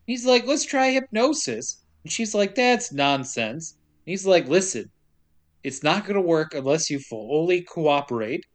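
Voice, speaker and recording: A man's voice: high voice, very animated, normal speed. Joking man recapping a movie. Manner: profane, joking, acts out characters' lines. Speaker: podcast co-host. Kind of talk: casual comedic movie recap.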